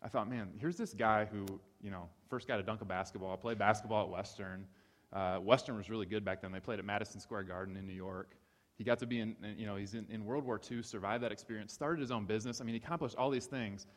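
A man's voice: on the low side, steady tone, quick pace. A man from Ohio giving a sermon-style talk, telling stories with animation and repeating key phrases for emphasis. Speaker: speaker. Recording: reverberant hall.

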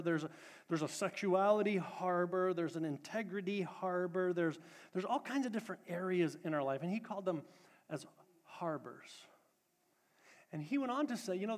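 Pastor, male, fairly high voice, sermon in a sanctuary, emphatic repetition mixed with relaxed announcements. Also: in a large hall. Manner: preaching with rising emphatic repetition, then casual announcements. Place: church sanctuary.

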